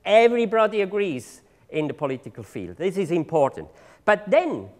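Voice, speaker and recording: Animated man giving a talk. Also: high voice. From Switzerland. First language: German. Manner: halting, repeats words, searches for English words. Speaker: drug treatment agency leader giving a seminar talk. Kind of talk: conference presentation. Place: seminar room.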